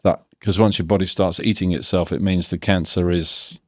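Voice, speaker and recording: Fifties guy, lowish voice, thinking out loud, dry close sound. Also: fairly even intonation, normal speed, no echo. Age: 50s. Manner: reflective, analytical, restarts often. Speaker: podcast guest. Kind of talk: casual interview chat.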